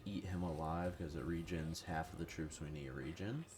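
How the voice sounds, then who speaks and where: Sick with a cold, a man with an extremely low voice speaks at normal speed. As a gaming YouTuber, he rambles through casual, profane, self-deprecating commentary over strategy gameplay.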